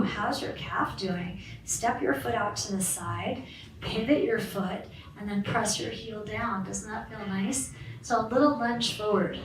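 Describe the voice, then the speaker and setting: A woman's voice: mid-range voice, measured pace. Upbeat woman leading a balance class. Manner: encouraging, counts reps and cues moves. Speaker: fitness instructor. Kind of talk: guided balance exercise class. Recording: roomy, far from the mic, faint background hiss.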